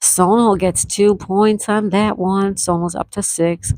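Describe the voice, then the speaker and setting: A woman's voice: medium pitch, fairly even intonation, measured pace, darkish tone, a little hiss or hum, low-quality recording. A woman hosting a casual live-stream trivia game, reading each question twice and greeting players by name.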